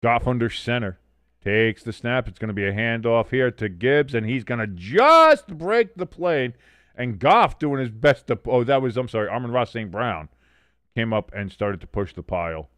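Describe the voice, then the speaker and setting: A man hosts a live watch-along stream and calls each play himself, getting loud and animated when something big happens. His voice sits in an ordinary middle range. The sound is dry and close, with no room around it. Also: medium pitch, normal speed, clean tone, dry recording. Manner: animated, bursts of excitement on big plays; swears casually.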